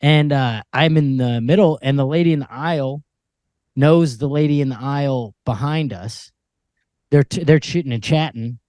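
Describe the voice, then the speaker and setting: A laid-back man co-hosts a comedy podcast and chats casually about a trip. His pitch sits in the middle range, and the sound is dry and close to the mic. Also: moderate pace, a little mellow, no room sound. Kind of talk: casual chat. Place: podcast studio.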